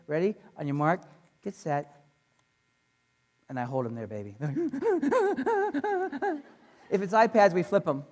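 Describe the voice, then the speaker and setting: A man giving a conference talk to teachers, animated, playful and emphatic. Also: high-pitched, creaky. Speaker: education speaker. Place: conference room. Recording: reverberant conference hall.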